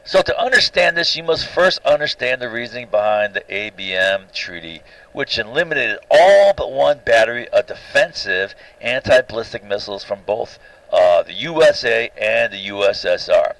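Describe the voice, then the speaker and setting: A man of ordinary pitch delivers a recorded slide lecture in a loose, conversational way. He is blunt and opinionated, restarts his sentences often and keeps tagging them with "right?". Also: fairly bright tone, no echo, low-quality recording.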